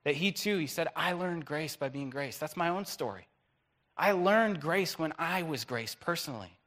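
Man, pastor, sermon, slightly high voice, animated, hushed to loud swings. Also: normal speed.

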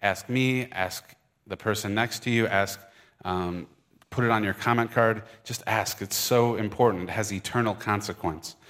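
Man pastor with a Michigan accent, low-pitched, informal and earnest from the pulpit. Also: moderate pace, a bit bright. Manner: conversational, earnest, with fillers and restarts. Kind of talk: sermon. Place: church service. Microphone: microphone.

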